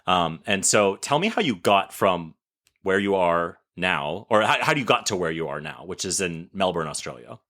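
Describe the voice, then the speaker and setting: A man in his thirties hosting a podcast, animated and self-mocking, swearing freely in casual chat. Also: sits low, moderate pace. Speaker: podcast host.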